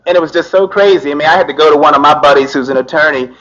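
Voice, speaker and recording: A middle-aged man, a lawyer, telling a personal story in an animated way, filling his talk with "you know" and laughing as he goes. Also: fairly high pitch, rapid-fire. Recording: dull lo-fi recording.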